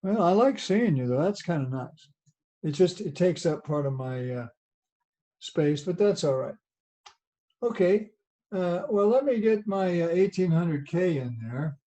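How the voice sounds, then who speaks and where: Slow folksy Southern man lecturing. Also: high-pitched, lively intonation, warm tone. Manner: folksy, drawn-out, chatty explaining with rhetorical questions. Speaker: college teacher. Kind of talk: online lecture. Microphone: video call.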